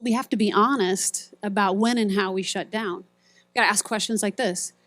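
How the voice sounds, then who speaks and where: A woman's voice: mid-range voice, fairly even intonation, normal speed, fairly bright tone, no echo. A middle-aged woman giving a sermon at a retreat, telling stories and acting out quoted voices and buzzer sounds. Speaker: speaker at a ministry retreat.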